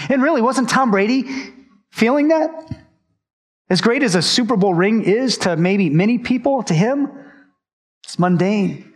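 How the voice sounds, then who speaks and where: A male pastor delivering a sermon with an earnest, storytelling manner. His voice sits notably high for a man. He often turns to address his listeners directly. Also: animated, measured pace, long pauses.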